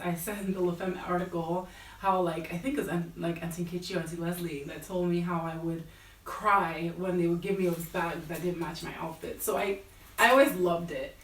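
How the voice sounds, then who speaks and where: Woman, 30s, American accent, chatty guest, lowish voice, distant mic, echoey room. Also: a little hiss or hum. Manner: chatty, many fillers like "like" and "you know". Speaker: guest fashion buyer. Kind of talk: casual interview storytelling. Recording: roomy and distant.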